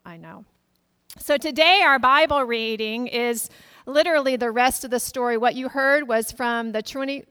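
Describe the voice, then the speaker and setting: Clear-voiced woman pastor preaching. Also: on the high side, a bit bright, no echo. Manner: storytelling, acts out quoted voices. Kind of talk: sermon.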